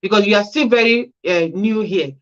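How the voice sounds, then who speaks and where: A woman's voice: medium pitch, normal speed. Female host of a casual livestream Q&A, reading viewer comments and giving friendly practical answers; dull, lo-fi audio. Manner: reads viewer comments aloud and answers with chatty advice. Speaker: care worker hosting a Q&A livestream.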